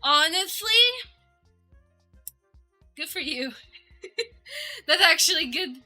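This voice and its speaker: In a bright, forceful, high-pitched voice, a woman VTuber chats slowly with her viewers, leaving long pauses. The livestream talk is casual and bubbly, full of giggles, over faint background music.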